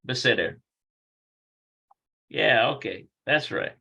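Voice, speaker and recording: Lively bright-voiced man teaching casually. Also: on the high side, measured pace, poor audio. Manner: rambling, thinks aloud and corrects himself. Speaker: Hebrew teacher. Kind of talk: casual livestreamed language lesson.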